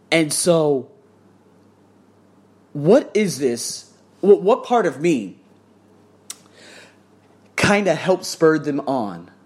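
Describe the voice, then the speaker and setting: A man tells a story in a loose, unscripted vlog, swearing freely and acting out what others said. His voice sits a little high and swings up and down. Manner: animated, swears freely, acts out quotes. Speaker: English test tutor.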